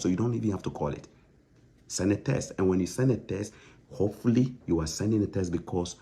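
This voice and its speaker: A man's voice: low-pitched, expressive, quick pace, dark tone, husky. A man on a live stream, answering viewer comments in a stern, emphatic, lecturing way with lots of repetition. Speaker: online content creator answering viewers.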